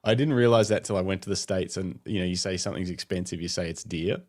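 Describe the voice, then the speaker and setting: An Australian man co-hosting a casual podcast interview, chatty and quick to laugh. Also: deep voice, fairly even intonation, darkish tone. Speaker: podcast co-host.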